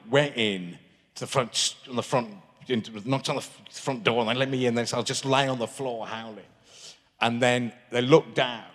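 A man's voice: medium pitch, fairly bright tone. A man, telling rambling anecdotes full of restarts as a guest at a live stage interview. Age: 50s. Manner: rambling storyteller with many restarts. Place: large town hall stage. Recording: long reverb of a large hall.

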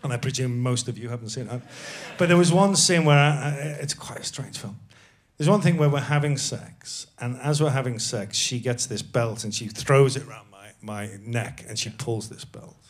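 A man's voice: mid-range voice, moderate pace, few pauses. A man telling a self-deprecating story as a guest on a live comedy podcast, laughing often. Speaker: actor guest.

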